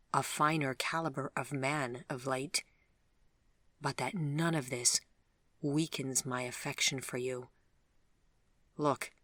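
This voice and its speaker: A lonely, regretful man speaks gently and earnestly, as the audiobook narrator voices him. The tone is bright and forward. The recording is dry and close. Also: medium pitch, dry recording. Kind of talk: audiobook dialogue.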